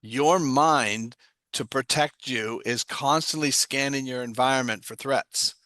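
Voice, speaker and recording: A man's voice: medium pitch, measured pace, pushed and bright, no echo. A man giving an explanatory talk, asking himself rhetorical questions and answering them. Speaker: guest speaker on trauma. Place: online livestream.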